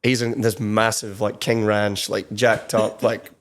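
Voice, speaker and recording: A fairly low, fairly bright voice with a flat, unhurried delivery belongs to a young Scottish country songwriter. He guests on a studio podcast, chatting casually in his Scottish accent and rambling with many fillers.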